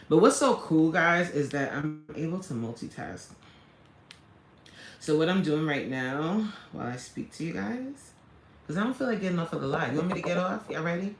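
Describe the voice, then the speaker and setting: A woman's voice: low voice, expressive, normal speed, pauses often, reverberant. A woman hosting a casual live stream, chatting to viewers in an exaggerated valley-girl drawl full of "like, totally.". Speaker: livestream host.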